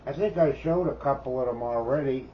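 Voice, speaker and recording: A man's voice: medium pitch, fairly quick. A man in his seventies with a Canadian accent, chatting casually as a record collector in a folksy, rambling way and tagging remarks with "eh?". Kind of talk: casual show-and-tell chat. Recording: dull lo-fi sound with faint background noise.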